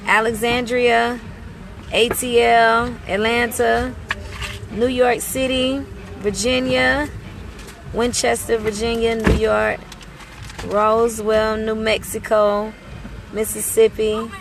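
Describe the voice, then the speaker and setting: A woman's voice: on the high side, little pitch movement, slow, gravelly, pauses often, a little hiss or hum. A woman ministry leader chatting casually on a livestream from a parked car outside a mall, greeting viewers by name and blessing them.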